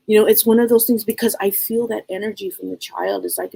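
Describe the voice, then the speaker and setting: A woman talks casually and earnestly about spiritual matters on a live stream, wandering through her thoughts and often repeating or restarting her words. Her voice is low and mellow, with a gravelly edge and a husky, breathy texture. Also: fairly even intonation, fairly quick, hardly any pauses, low-quality recording. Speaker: psychic medium hosting a live stream.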